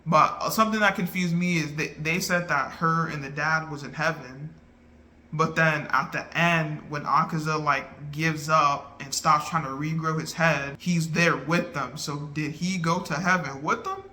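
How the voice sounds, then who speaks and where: A man gets excited while casually chatting through an anime film review in loose slang. Though his delivery is unhurried, he's lively and energetic. His voice is bright and a little high for a male speaker.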